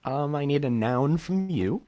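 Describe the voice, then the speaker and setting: A man's voice: a little high, expressive, measured pace, warm tone, highs cut off. A young man co-hosting a casual podcast, laid-back, reading aloud with stops and swearing. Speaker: podcast co-host. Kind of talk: casual chat.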